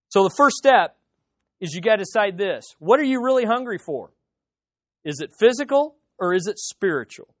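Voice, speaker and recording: A male pastor preaching a sermon to his congregation, firing off rhetorical questions and swinging from quiet to loud. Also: a little high, dry recording, clean studio sound. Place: church service.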